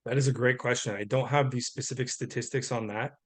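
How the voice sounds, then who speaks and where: A man's voice: medium pitch, fairly even intonation, fairly quick. A man talks through a webinar presentation and its questions. His delivery is earnest and explanatory, and he leans on fillers as he goes. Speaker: housing presenter.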